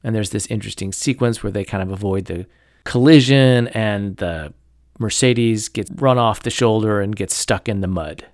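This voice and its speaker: Guy hosting a book podcast, kinda low voice, lots of "you know" and "kind of", dry room. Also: normal speed, dry recording. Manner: rambling, many fillers and hedges; critical, opinionated commentary. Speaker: podcast host discussing a novel. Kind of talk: casual chat.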